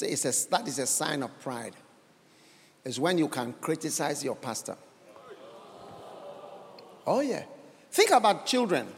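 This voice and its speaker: Ghanaian male preacher, high, lively delivery, long hall reverb, emphatic. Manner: emphatic, questioning the congregation, bursts of laughter. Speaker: guest preacher. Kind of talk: sermon.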